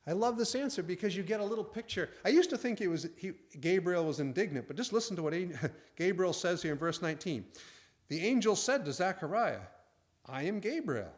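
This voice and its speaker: A man's voice: sits high, animated, brisk. A man preaching a conversational sermon in a folksy way, acting out the angel's and priest's lines.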